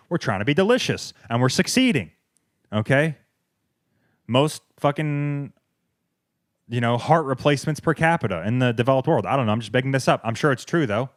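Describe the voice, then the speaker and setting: A man's voice: medium pitch, no room sound. Profane ranting man, dry sound. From American South. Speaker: podcast host. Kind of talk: comedic rant. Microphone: wireless clip-on mic.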